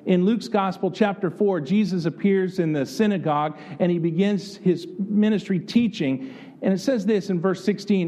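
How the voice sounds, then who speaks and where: A man's voice: high-pitched, moderate pace, mellow. A man from the United States preaching a sermon in an earnest, conversational way, often asking the congregation rhetorical questions. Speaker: pastor.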